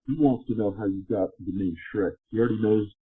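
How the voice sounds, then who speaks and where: A podcast guest telling a story in casual talk that stops and restarts often. His voice is low and husky. It comes through a narrow, tinny phone line. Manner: halting, with many restarts and fillers. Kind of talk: casual conversation. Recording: phone-line call audio.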